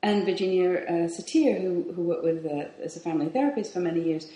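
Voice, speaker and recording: A woman's voice: fairly low pitch, fast, dark tone. Emphatic woman, falling sentence endings. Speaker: author and hypnosis practitioner as guest. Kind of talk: conversational explaining. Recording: echoey room.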